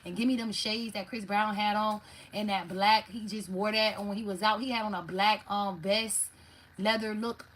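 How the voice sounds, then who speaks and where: A woman's voice: medium pitch, normal speed, a little hiss or hum, rough recording. Profane, blunt woman tarot reader. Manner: blunt, profane, animated, talks to viewers directly. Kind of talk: live tarot reading, casual monologue.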